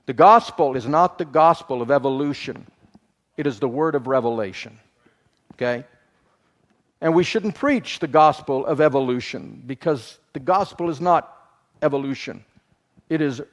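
A man preaching a sermon as pastor, shifting from quiet, slow teaching to loud, quick, humorous asides. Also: mid-range voice. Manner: dynamic preaching, swings from soft to loud and fast.

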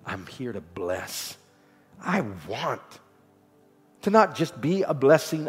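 A man preaching a sermon with rhythmic repetition, swinging from loud exhortation to soft, low lines. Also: big pitch swings, slow pace, pauses often. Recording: long hall reverb with faint music.

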